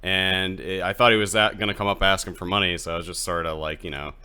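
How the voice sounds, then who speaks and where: A man with a very low voice co-hosts a casual podcast. His tone is bright and forceful, and his storytelling is animated and full of laughter. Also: quick pace, clean tone. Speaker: podcast co-host.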